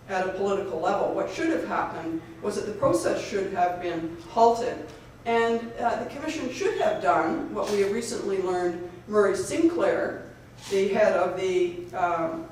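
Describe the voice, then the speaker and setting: Earnest woman speaking in an echoey hall. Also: medium pitch. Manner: earnest, hurried, with frequent restarts. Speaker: lawyer and advocate speaking at a rally. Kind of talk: public speech. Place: lecture hall at a public event. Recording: echoey hall, far from the mic, faint noise.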